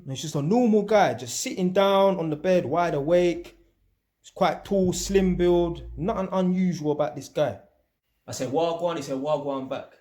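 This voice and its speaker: Recorded in an echoey room, a young adult man from England speaks with a fairly high pitch. He tells an animated, slangy, casual story about his electrician job, voicing the people in it.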